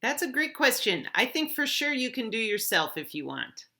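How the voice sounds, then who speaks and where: A woman teacher walking students through an app step by step, clear and encouraging. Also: on the high side, big pitch swings, moderate pace, bright, forceful tone.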